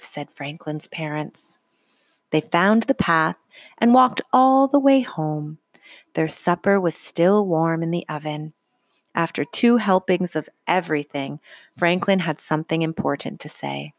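A woman reading a children's storybook aloud in a gentle, unhurried way. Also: low voice, no echo.

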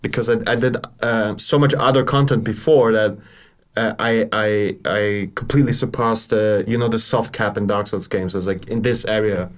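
A man's voice: lowish voice, steady tone, moderate pace. A man co-hosting a casual gaming podcast, talking with many fillers and restarts. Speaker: podcast co-host.

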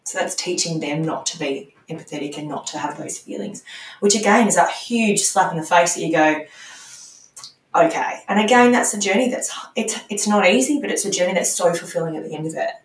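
Middle-aged woman, coaching client; candid, searching delivery, low register, distant roomy mic. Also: fast. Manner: candid, searching, trailing restarts. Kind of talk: reflective podcast conversation.

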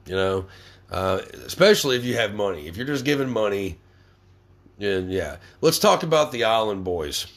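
Here a young podcast host's angry monologue is packed with curses and stumbling restarts. His voice is on the low side, very animated, and moderately paced.

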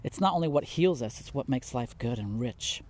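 A middle-aged man preaching a heartfelt sermon, pleading and impassioned, swinging from soft to loud and close to tears. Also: medium pitch, animated, normal speed, slight background noise. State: near tears.

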